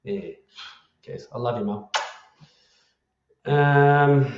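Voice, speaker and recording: An Australian man hosting a casual live chat, rambling and affectionate as he repeats himself through shout-outs to viewers. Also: mid-range voice, moderate pace, a little hiss or hum. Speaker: host of an online community live chat. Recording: roomy and dull lo-fi sound.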